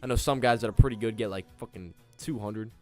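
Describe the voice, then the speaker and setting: A man's voice: on the low side, fast talker, a little mellow. Young man, casual streamer, chatty and joking, faint music under the voice. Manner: chatty, joking, talks straight to viewers. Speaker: livestreaming day trader. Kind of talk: casual live stream chat.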